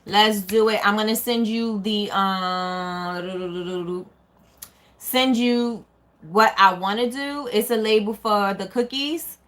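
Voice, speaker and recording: A small business owner hosts a casual live stream, chatting and answering viewer comments as they come in. She speaks at a measured pace in a fairly high, slightly bright voice.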